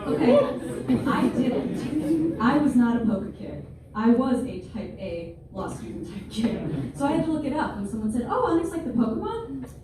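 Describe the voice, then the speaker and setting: A woman in her 20s performs a wry, self-deprecating stand-up set with playful asides before a live audience in a large room. Her voice is a little high with lively intonation at a measured pace, and the recording is distant, noisy, and very echoey, with crowd noise.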